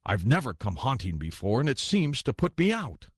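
A man's voice: medium pitch, wildly swooping pitch, normal speed, husky, dry recording, studio quality. A man voicing a timid, awkward young male ghost who answers apologetically in an audiobook. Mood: meek, apologetic. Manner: apologetic, hesitant, deferential. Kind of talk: audiobook character voice.

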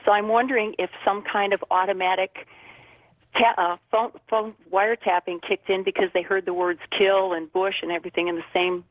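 A woman from Arizona calling in to a radio show, her voice mid-pitched and dry and squeezed through a tinny phone line. She talks in a chatty, meandering way, full of asides. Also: level tone, fairly quick, no room sound. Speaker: caller.

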